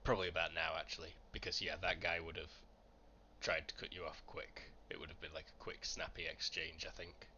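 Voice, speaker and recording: A man running a tabletop game over a video call, narrating casually and joking with the players. His voice is low but bright and forceful. The call audio is slightly dull. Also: level tone, fairly quick, slight background noise. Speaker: game master.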